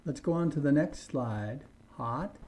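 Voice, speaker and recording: A man teaching an online English lesson, speaking slowly and deliberately and repeating words for learners to copy. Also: a little high, animated, a little mellow, rough recording.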